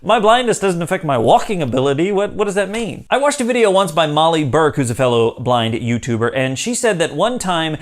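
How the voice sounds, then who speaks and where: A man's voice: fairly high pitch, big pitch swings, fairly quick, few pauses. A young man hosting his own online channel, talking casually to the camera in an upbeat way, laughing easily and acting out the lines he quotes. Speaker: YouTube host.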